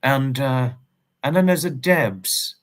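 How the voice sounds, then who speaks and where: English male livestream host, mid-pitched, rambling and repetitive, politely formal with viewers. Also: slow pace. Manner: rambling, repeats himself, polite and formal phrasing. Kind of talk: casual livestream chat, greeting viewers and reading messages.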